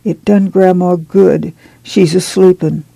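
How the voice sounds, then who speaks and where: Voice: medium pitch, fairly even intonation, takes it slowly, gravelly, dark tone, no echo, poor audio. A reader voicing a nervous, complaining young girl who speaks plaintively. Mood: fretful. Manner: fretful, plaintive.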